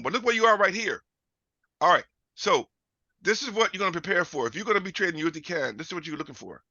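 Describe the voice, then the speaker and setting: A man teaching a live trading lesson, loud and profane, constantly firing questions at his audience. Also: fairly high pitch, gravelly, dry recording. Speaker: trading instructor. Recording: dull lo-fi audio.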